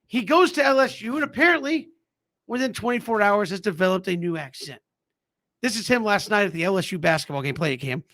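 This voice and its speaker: High, bright-voiced sports radio host. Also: male voice, brisk. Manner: lively, laughs often. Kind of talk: casual sports talk.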